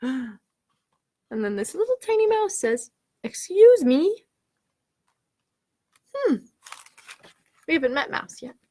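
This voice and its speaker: Librarian lady doing story time, high voice, lots of ups and downs, asks the kids questions. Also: unhurried. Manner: animated, asks listeners questions, gasps at the story. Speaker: children's librarian. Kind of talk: reading picture books aloud to children.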